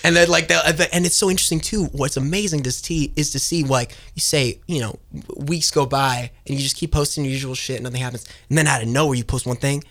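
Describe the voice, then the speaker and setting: Fast-talking animated young man. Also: medium pitch. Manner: fast, animated storyteller who acts out quoted voices. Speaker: guest. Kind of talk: casual storytelling in a podcast chat.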